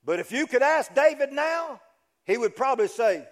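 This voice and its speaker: A man preaching a sermon, telling the story dramatically and swinging from loud to hushed. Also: very high voice, expressive, moderate pace. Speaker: pastor.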